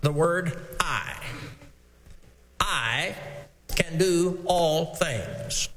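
A man preaching a sermon, reading scripture slowly and stressing single words. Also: sits high, fairly bright tone. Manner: measured, emphatic scripture reading. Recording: long hall reverb.

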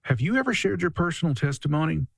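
Man, radio co-host, playful banter, fairly high, very animated pitch, dry studio mic. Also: fast talker, gravelly, slightly rough, dry recording. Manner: laughing, playful.

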